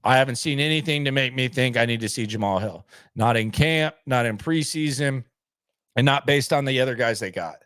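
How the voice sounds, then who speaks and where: A man's voice: mid-range voice, brisk, fairly bright tone, smooth, no room sound. Blunt skeptical man, dry sound. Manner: blunt, skeptical, repeats himself, frequent restarts. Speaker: sports channel host. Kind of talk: casual chat answering viewer comments.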